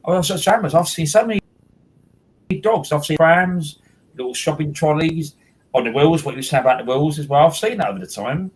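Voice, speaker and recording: A man's voice: a little high, expressive, brisk, rough recording. A man, hosting a casual chat and rambling with many restarts and repeated words. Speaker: host.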